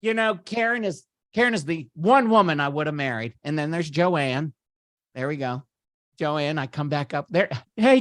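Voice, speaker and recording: A man's voice: fairly high pitch, a bit bright, dry recording, studio quality. A man putting on a campy male comedian's voice while hosting a party and gushing over a photo slideshow. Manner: gushing, giggly, chatty asides. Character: campy middle-aged male comedian impression. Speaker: party host. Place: virtual party at home.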